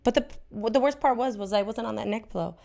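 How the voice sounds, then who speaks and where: A woman's voice: on the high side, quick pace, vocal fry, darkish tone. A woman in her thirties co-hosting a casual chat podcast, talking candidly, swearing freely and acting out her stories with lots of animation. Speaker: podcast co-host.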